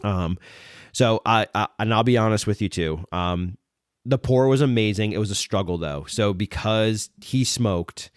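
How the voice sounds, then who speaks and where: Rambling, low-voiced man telling a story. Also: measured pace, no echo, studio quality. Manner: rambling, heavy use of fillers like "like" and "um"; excited, retelling events with restarts. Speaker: podcast host. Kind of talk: casual storytelling.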